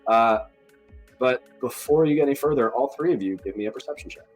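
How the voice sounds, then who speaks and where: A man narrating as dungeon master in a joking, relaxed manner. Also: mid-range voice, fairly quick, soft background music. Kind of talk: narrating a tabletop game.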